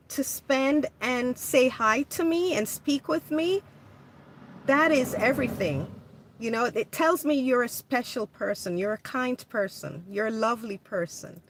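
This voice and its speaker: A woman hosting a casual livestream, chatting with viewers in a gentle, hesitant way full of restarts. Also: a little high. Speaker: livestream host. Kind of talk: casual livestream chat reading comments.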